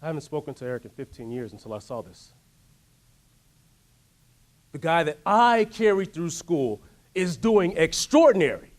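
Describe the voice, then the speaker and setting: A man giving a motivational workshop talk, telling a story in an animated way and asking the audience to join in. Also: fairly high pitch, moderate pace, pauses often. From United States. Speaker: workshop speaker. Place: workshop room.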